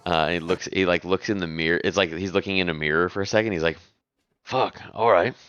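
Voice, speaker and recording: Deep-voiced man, relaxed player. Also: fast, smooth, dry recording, muffled recording. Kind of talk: narrating his character's actions.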